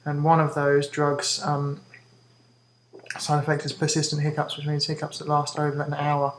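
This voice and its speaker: Hiccuping through a casual talk to camera, a woman gives a vlog health update quickly and hesitantly, full of ums and restarts. Her low voice is completely flat, with slight background noise on a rough recording.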